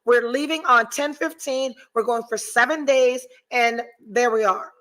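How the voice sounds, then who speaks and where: Bright-voiced woman podcast host, profane. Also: on the high side, unhurried. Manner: profane, animated storytelling. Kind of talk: casual chat with live chat readers.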